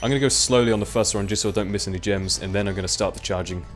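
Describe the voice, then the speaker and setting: A young man comments on a video game as he plays, chatty and self-mocking. His voice sits fairly low, and soft game music plays underneath. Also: racing. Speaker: let's play commentator. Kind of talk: casual gameplay commentary.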